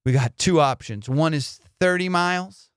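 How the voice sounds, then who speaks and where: Male comic host, excitable profane storyteller, smooth higher voice, dry close sound. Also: normal speed, no echo. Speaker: comedian podcast host. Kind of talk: animated storytelling.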